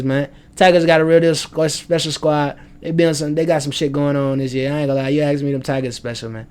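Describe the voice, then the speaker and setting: A man's voice: on the high side, steady tone, fast, few pauses, a little mellow, smooth. Rambling young man with slang. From United States. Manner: loose, slangy, rambling and self-aware about rambling. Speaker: sports vlogger. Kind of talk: casual rambling sports predictions. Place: at home.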